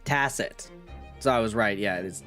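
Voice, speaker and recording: A woman's voice: extremely low pitch, moderate pace, a bit bright, soft background music. A woman streamer commenting on her game playthrough, swearing freely and mocking her own slips as she rambles.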